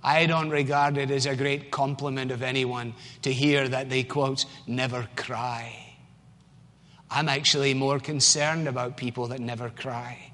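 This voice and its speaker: A man's voice: medium pitch, little pitch movement, measured pace, bright, forceful tone. A man with a Scottish accent preaching a sermon as pastor, in an emphatic, conversational way. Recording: long church hall reverb.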